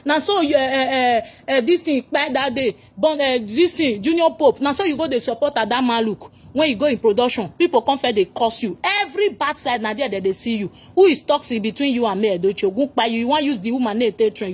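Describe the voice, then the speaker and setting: A woman's voice: a little high, lively intonation, quick pace, few pauses, slightly rough. A Nigerian woman with a Nigerian accent, ranting angrily and mocking a celebrity, switching into pidgin. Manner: scolding, mocking, mixing pidgin. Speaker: commentator. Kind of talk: angry reaction rant.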